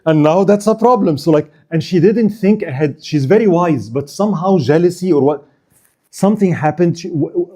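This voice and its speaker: A man's voice: a little high, expressive, normal speed, mellow. A man giving a casual history lecture at an Islamic center, often checking in with "right?" and joking with his listeners. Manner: keeps asking the audience "right?", joking and laughing.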